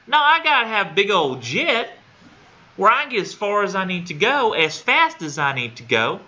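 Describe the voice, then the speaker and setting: Brief: a man playing a showy televangelist preacher who brags in a high, shouting drawl, captured on a muffled room recording. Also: sing-song, normal speed, heavily acted. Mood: boastful. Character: loud boastful male televangelist preacher, folksy.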